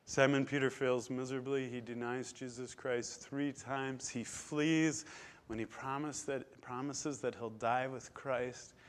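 A man's voice: medium pitch, fairly even intonation, measured pace. Emphatic male preacher. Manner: emphatic, swings between loud stresses and quiet drops. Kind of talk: sermon.

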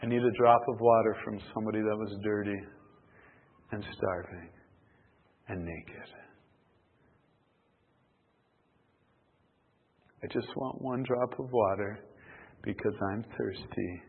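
A man preaching, voicing a rich man in hell who pleads in anguish, husky and low, heard as a tinny recording in a reverberant hall. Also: measured pace, full character voice. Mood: pleading. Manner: pleading, crying out.

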